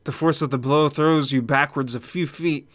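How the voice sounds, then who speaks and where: A man's voice: a little high, fairly even intonation, moderate pace, fairly bright tone. Man reading a horror game aloud. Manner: reads narration dramatically, then reacts in asides. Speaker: gaming channel host.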